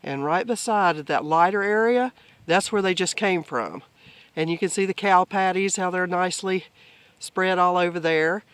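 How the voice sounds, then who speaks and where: Man, slightly high voice, relaxed farm explainer, outdoors. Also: normal speed, clear, resonant tone, no echo. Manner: relaxed, explains the grazing plan. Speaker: homesteader filming the farm. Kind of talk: casual farm vlog narration.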